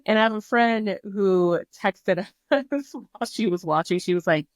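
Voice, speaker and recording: A woman's voice: mid-range voice, measured pace, dry recording. A woman talking as a podcast guest in casual chat, candid and chatty, cursing freely and circling back on herself. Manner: candid, chatty, swears freely, many fillers and restarts.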